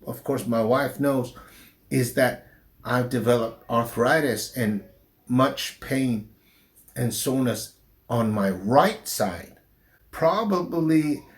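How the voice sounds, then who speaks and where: Middle-aged pastor guy, slight southern drawl, real slow and halting, lots of restarts. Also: mid-range voice. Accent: slight southern drawl since his stroke. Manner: slow, halting speech with restarts after a stroke. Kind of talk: personal interview.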